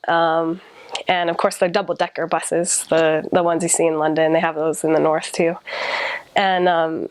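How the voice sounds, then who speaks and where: A woman's voice: fairly low pitch, clear, resonant tone, no echo. A young American woman, a returned missionary, recalling her time abroad in casual chat, with many ums and restarts. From United States. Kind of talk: casual personal recollection.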